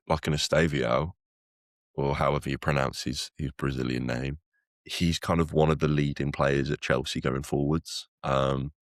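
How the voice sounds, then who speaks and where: A man's voice: a bass voice, dry recording, studio quality. A man co-hosting a podcast, talking football in a casual, rambling way with lots of fillers and restarts. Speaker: podcast co-host.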